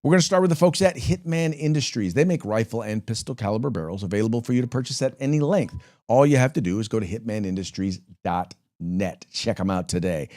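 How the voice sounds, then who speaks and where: Rambling low-voiced male talk host. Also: quick pace, darkish tone. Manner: folksy, rambling, many fillers and restarts. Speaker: podcast host. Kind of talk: casual political talk show with sponsor reads.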